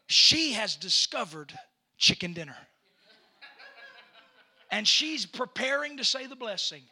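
High, bright-voiced preacher man. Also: very animated, takes it slowly, creaky. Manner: storytelling, building to loud shouted preaching. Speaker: pastor. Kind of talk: sermon.

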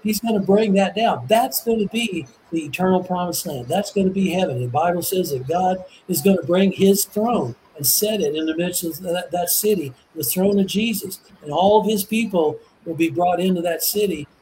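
High-pitched male Bible teacher, earnest and excitable, halting restarts, faint room noise. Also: rough recording. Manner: earnest, enthusiastic, restarts and repeats words. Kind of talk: casual religious discussion.

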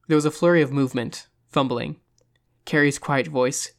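Audiobook narrator, horror story, measured, suspenseful, mid pitch. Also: fairly even intonation.

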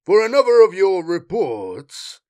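A man's voice: a little high, very animated, measured pace, heavily acted. A man voicing an arrogant, mocking warrior sergeant who talks archly and snarls. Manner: arch, snarling, loud.

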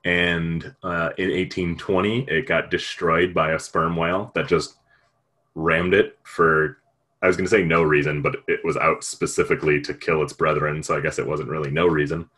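A man's voice: rumbling low, flat delivery, moderate pace, a bit bright, husky. A man retelling a story in casual chat, rambling and jokey, with lots of fillers.

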